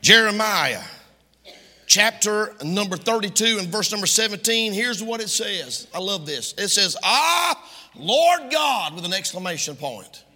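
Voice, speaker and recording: A man preaching, his high, bright voice swinging wildly in pitch. He talks in a folksy, joking way and then breaks into shouting. It is husky and rings with long reverb in a church sanctuary. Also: animated, moderate pace. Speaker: Baptist preacher. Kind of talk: lively sermon.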